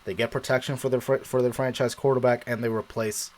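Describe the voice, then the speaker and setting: A man co-hosting a live football stream, his voice sitting at an everyday mid pitch. He tells his story with animation, acting out his old reactions and laughing often. It is loose, casual live chat. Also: fast talker. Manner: animated storyteller who acts out his own past reactions. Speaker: co-host of a sports show.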